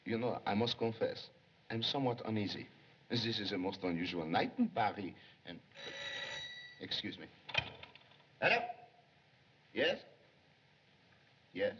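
An actor playing an excitable young male police secretary who longs to be a detective, in 1930s film acting, jumpy and pleading. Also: lowish voice, measured pace, pauses often, slightly rough, full character voice. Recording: dull 1930s film soundtrack.

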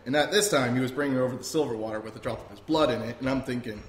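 A podcast host rambles casually through a story, laughing often and swearing freely. He talks quickly in a medium-pitched voice with hardly any pauses, and the room has a roomy echo.

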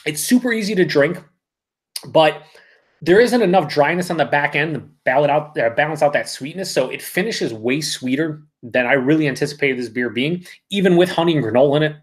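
A man's voice: on the high side, fairly quick. A man hosting a live beer review, talking casually and reading out viewer comments, rambling and correcting himself.

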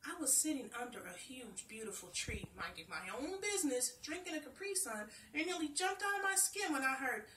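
A woman's voice: high voice, big pitch swings, a little fast, few pauses, bright, forceful tone, recorded from a distance. Chatty woman storyteller in an echoey room. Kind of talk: storybook reading.

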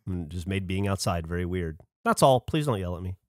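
A man co-hosting a podcast in casual chat, playfully moving between deadpan and excited. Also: low-pitched, a little fast, no echo, studio quality. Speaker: podcast co-host.

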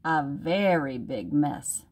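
A woman voicing a patient mother who scolds her child in a sing-song voice instead of yelling. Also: deep voice, lively intonation, takes it slowly, pitched below the performer's own voice, heavily acted. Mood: tender.

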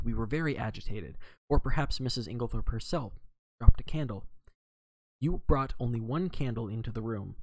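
A man reading a novel aloud on a live stream in an expressive way, with occasional slips and self-corrections. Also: mid-range voice, moderate pace, poor audio. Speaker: reader.

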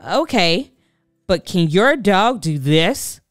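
A woman voicing a confident, cheerful young boy with a bright, upbeat manner in a children's storybook. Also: lowish voice, very animated, takes it slowly, no echo, studio quality, soft background music. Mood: proud.

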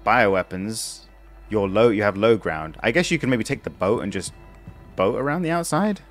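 Young male streamer, lowish voice, patient rambling explainer, faint music behind. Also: lively intonation, normal speed. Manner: chatty, explains things step by step with many restarts. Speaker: game streamer. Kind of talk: casual live gameplay commentary.

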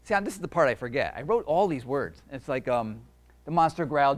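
A man's voice: mid-range voice, expressive, brisk. A man who is an author and illustrator, chatting casually to a library audience and reading his own picture book aloud, often breaking off to ad-lib. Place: public library event.

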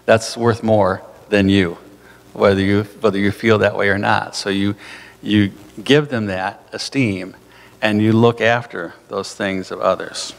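Low, gravelly man preaching in a hall. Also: fairly even intonation, unhurried. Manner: conversational, loose preaching with fillers and asides. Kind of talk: sermon. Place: church sanctuary. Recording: hall reverb from a church.

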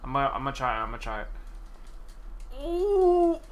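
A young man streaming gameplay, chatting casually and excitedly with slang and frequent laughs. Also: mid-range voice, rapid-fire.

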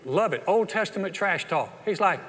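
A man with a Texan accent preaching a sermon as pastor, telling the story with animated energy and acting out the quotes. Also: on the high side, moderate pace. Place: church sanctuary. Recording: long church hall reverb.

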